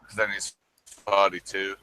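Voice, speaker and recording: A man chatting on a group call while lying down, lazy and laid-back and quick to chuckle. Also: deep voice, little pitch movement, bright, forceful tone, clear, resonant tone, poor audio. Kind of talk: casual group call chat. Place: lying down at home.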